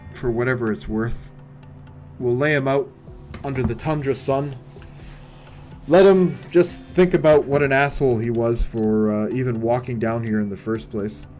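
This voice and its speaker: Wry male game streamer, music behind. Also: medium pitch. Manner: wry, swings from mutters to shouts. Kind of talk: let's play commentary.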